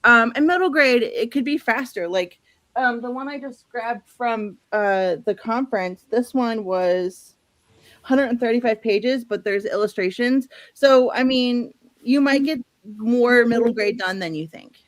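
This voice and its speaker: A woman's voice: fairly high pitch, measured pace, no room sound. A woman from the Midwest hosting a casual book livestream, chatty and laughing often as she reads out viewer comments. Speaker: host.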